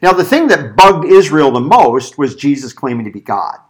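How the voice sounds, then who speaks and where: Animated man teaching scripture, higher voice. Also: normal speed. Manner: animated, acts out quoted voices, thinks aloud with restarts. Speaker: pastor teaching a Bible study. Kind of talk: conversational Bible teaching.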